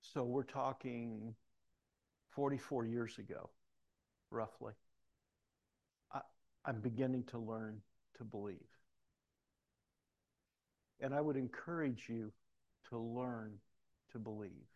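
Gravelly man preaching a story sermon. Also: mid-range voice, steady tone, takes it slowly, long pauses, darkish tone, lo-fi sound. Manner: storytelling, acts out voices in quoted lines. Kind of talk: sermon with personal stories.

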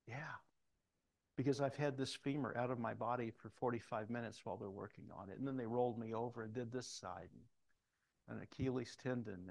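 A man's voice: medium pitch, vocal fry, a little mellow. A middle-aged man preaching a sermon, telling personal stories and acting out the voices of people he quotes. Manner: storytelling, acts out voices in quoted lines.

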